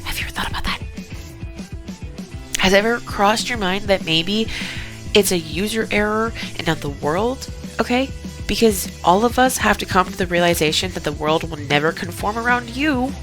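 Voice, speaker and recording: A woman host delivers reaction commentary in a sassy, scolding tone. She lectures and mocks, speaking at a mid pitch. Clear background music plays under her voice throughout. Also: normal speed.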